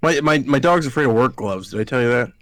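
Brief: male podcast host, mid-pitched, casual and profane, dry close mic. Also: expressive, fast talker, a bit bright, no echo. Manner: profane, rambling storytelling. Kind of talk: casual chat.

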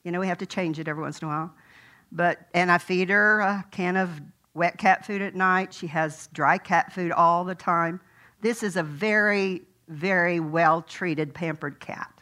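A woman's voice: on the low side, fairly even intonation, normal speed, sharp tone. An older woman preaching a sermon in a folksy, conversational way, telling a personal story.

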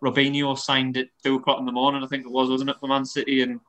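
Bright-voiced man in podcast chat. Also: mid-range voice, monotone, fast talker. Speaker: podcast co-host.

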